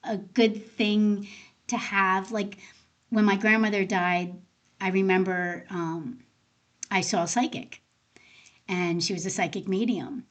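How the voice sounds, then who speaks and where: Woman telling animated personal stories. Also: medium pitch, slow pace, pauses often, lo-fi sound. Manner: animated, acts out quoted dialogue in her stories. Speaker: guest, end of life doula. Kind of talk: casual conversational storytelling.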